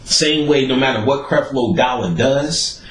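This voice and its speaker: A man hosting a podcast, telling stories in a profane, animated way and acting out the people he quotes. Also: mid-range voice, unhurried, roomy sound, noisy background. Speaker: podcast host. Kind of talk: casual storytelling monologue.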